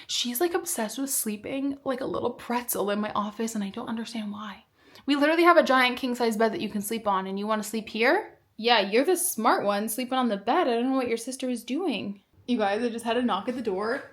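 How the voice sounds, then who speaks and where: Young woman vlogging from home, chatty and gushy, kinda high voice. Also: fairly quick. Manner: bubbly, gushing, chatty. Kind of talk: casual chat to camera.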